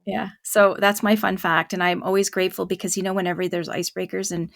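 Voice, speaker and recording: Chatty woman host with creaky voice. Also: lowish voice, flat delivery, fast, no echo. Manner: chatty storyteller, laughs often, many fillers. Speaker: podcast host and parent coach. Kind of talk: casual podcast conversation.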